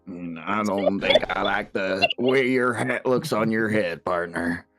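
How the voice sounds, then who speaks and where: A man playing a drawling cowboy tough, slow and low, protective. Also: a bit bright, no room sound. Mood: threatening. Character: gruff cowboy-style scholar, protective.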